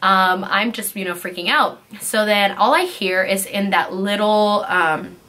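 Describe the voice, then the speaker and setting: A young woman vlogger telling a casual storytime in an animated way, filling her speech with "like" and acting out what people said. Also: medium pitch, a little slow. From California. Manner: animated, heavy use of "like", acts out quotes.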